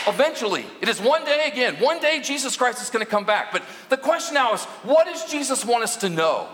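Male minister, high, bright voice, earnest sermon, long hall reverb. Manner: earnest, rising to emphatic preaching. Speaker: lead minister.

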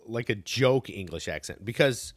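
A man's voice: mid-range voice, expressive, moderate pace, no echo. A man co-hosting a podcast, chiming in with wry, profane comments about a movie. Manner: wry, agreeable, swears casually. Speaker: podcast co-host. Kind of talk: casual movie recap chat.

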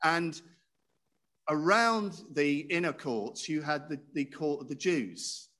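A man's voice: fairly high pitch, slow, a bit bright. A man preaching a sermon in a conversational way, often asking his listeners questions. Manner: conversational, asks the audience questions.

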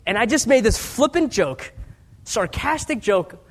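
A man around forty preaches as a guest speaker, his voice sitting fairly high for a man. He talks like he is chatting with the congregation, joking at his own expense. His delivery swings from quiet, hushed asides to raised, emphatic lines. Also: big pitch swings, unhurried. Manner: conversational storytelling with self-deprecating humor. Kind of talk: sermon.

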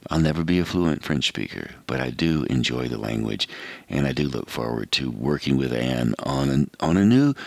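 A man in his seventies with an American accent, a radio host telling a personal story in a relaxed, reflective monologue. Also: very deep voice, moderate pace, creaky, no room sound.

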